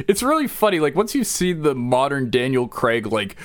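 A man's voice: mid-range voice, big pitch swings, moderate pace, no room sound, studio quality. A man co-hosting a casual podcast, telling long, digressive stories full of restarts and side remarks. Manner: rambling, digressive storytelling with many restarts. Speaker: podcast co-host.

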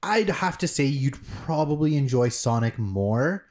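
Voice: medium pitch, animated, a little slow, darkish tone. A podcast co-host in casual chat, talking hesitantly with many fillers.

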